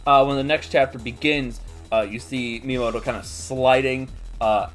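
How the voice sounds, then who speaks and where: A man hosting a casual manga recap, chatty and animated with laughing asides. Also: mid-range voice, normal speed, soft background music. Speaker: host.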